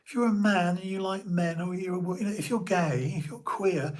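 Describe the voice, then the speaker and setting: A man's voice: high voice, animated, unhurried. A middle-aged man, a personal trainer giving an opinionated, rambling monologue full of restarts and asides on his own show. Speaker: podcast host and personal trainer.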